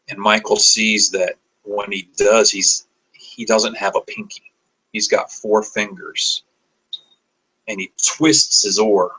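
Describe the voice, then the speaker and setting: A man improvising a story aloud, describing scenes as he goes, often pausing and restarting mid-sentence. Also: lowish voice, a bit bright, slightly rough, rough recording. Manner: halting, searching for words, many restarts.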